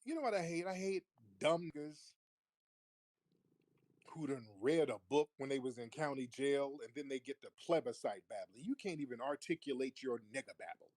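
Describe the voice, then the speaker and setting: A man's voice: medium pitch, animated, normal speed, darkish tone, no echo. A man hosting a call-in livestream, arguing with callers in a combative, mocking, profane way. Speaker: livestream host. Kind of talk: heated call-in debate.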